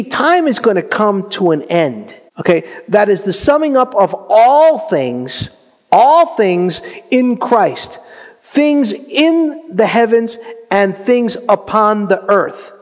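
A man preaching a sermon in an animated, conversational way, full of asides and questions to the congregation. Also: high voice, long reverb tail. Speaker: pastor.

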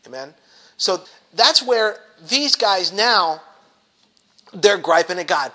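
A middle-aged man teaches a Bible study in a loose, animated way. His voice sits high and rings bright and sharp. He stumbles and restarts often and slips into acted-out grumbling voices. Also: slow, pauses often.

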